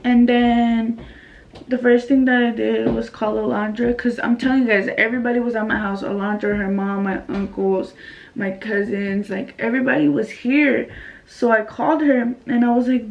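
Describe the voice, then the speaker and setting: A young woman from California chats through a storytime vlog in a slangy, chatty way, slipping Spanish phrases in here and there. Her voice sits a little high. The recording is muffled and the mic is a bit far from her. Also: steady tone, moderate pace, gravelly. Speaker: vlogger. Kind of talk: casual storytime.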